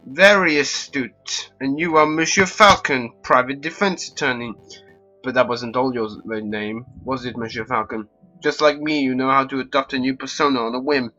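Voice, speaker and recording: A man voicing a suave, theatrical male fox con artist with a smooth, grandly dramatic delivery, in a game. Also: mid-range voice, fairly even intonation, moderate pace, pushed and bright, muffled recording, soft background music, natural voice. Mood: sly.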